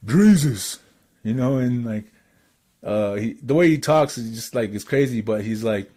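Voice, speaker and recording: A man from Canada telling a story in casual chat, excitable and rambling with lots of fillers. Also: mid-range voice, moderate pace.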